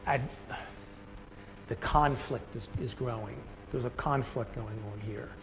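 A man's voice: mid-range voice, a little slow, background noise. A man teaching a Bible study, reading passages aloud and breaking off to explain them in his own words, with restarts and asides.

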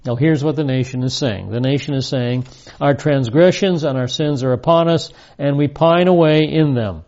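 A man's voice: medium pitch, moderate pace, darkish tone. A man in his seventies teaching the Bible verse by verse, reading passages aloud and stressing key phrases emphatically. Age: 70s. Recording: dull lo-fi recording.

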